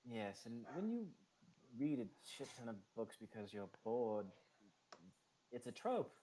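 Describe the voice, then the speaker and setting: A man's voice: medium pitch, very animated, a little slow, mellow, poor audio. A man playing a tabletop game, wry and sarcastic in casual chat. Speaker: player.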